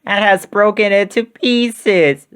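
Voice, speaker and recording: A man voicing a tiny little boy bear in a storybook reading, high, squeaky and slow. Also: a bit bright, clear, resonant tone. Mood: eager.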